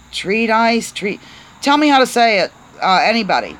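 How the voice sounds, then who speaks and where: A woman's voice: fairly high pitch, sing-song, moderate pace, a bit bright, poor audio. A woman hosting a casual live stream, chatty and playful, often stumbling over words and asking her viewers to help. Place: on a porch, outdoors.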